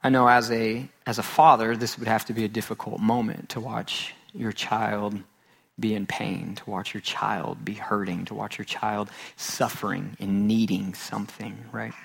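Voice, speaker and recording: A man's voice: fairly low pitch, level tone, normal speed, creaky, a bit bright, breathy edge. A man in his thirties preaching a sermon in an earnest way, repeating phrases for emphasis. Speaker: pastor.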